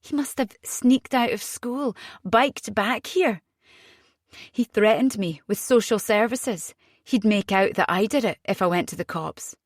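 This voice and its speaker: A woman voicing an agitated young Scottish mother in an audiobook, speaking urgently with a rising pitch. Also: a little slow, dry recording, clean studio sound, natural voice.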